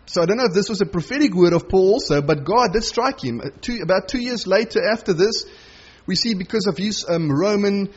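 A man with a notably high voice that has a husky, breathy edge preaches through a scripture passage. He talks casually with plenty of fillers and plays out the quoted speech. The recording sounds dull and muffled. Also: animated, a little fast. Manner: conversational, many fillers, dramatizes quoted lines. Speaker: pastor. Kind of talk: verse-by-verse Bible teaching.

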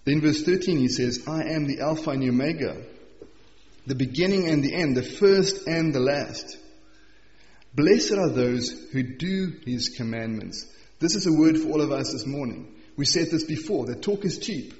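A man preaching a morning sermon, reading scripture slowly and with emphasis, then explaining it in an earnest, conversational way. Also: a little high, animated, a little mellow. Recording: echoey hall, dull sound.

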